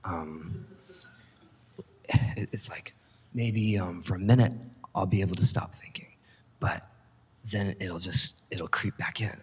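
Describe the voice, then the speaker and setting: A man, a student at a talk, asking a question hesitantly and haltingly. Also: low-pitched, slightly rough. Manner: hesitant, halting, many fillers and restarts. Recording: dull recording in a long-echoing hall.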